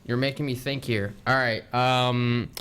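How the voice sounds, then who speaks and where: A man's voice: medium pitch, fairly even intonation, unhurried, a bit bright, clean tone. A man streamer answering questions in a casual voice chat, hesitant and full of fillers, on a headset mic. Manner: hesitant, thinks aloud with many fillers.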